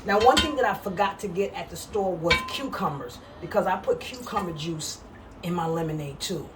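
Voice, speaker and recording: A woman's voice: fairly low pitch, expressive, normal speed, far from the mic, very noisy. A woman with a mix of Brooklyn and Southern accent, chatting casually on camera at home while showing her fashion pieces. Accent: mixed Brooklyn and Southern. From New York. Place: home kitchen.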